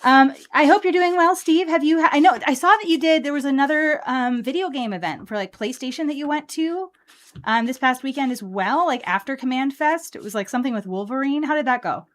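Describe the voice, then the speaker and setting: A woman's voice: high voice, lively intonation, a little fast. A woman hosting a live card game stream, chatting casually and upbeat with lots of fillers while she plays.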